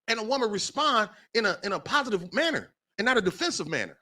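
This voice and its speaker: A man's voice: high voice, very animated, quick pace, bright, forceful tone. A man hosting a talk show, delivering an impassioned monologue and repeating phrases for emphasis. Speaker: podcast host.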